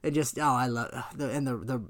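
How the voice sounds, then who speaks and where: A woman co-hosting a podcast, arguing about movies in a lively, emphatic way and swearing freely. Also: a bass voice, fairly quick. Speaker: podcast co-host. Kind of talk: casual movie banter.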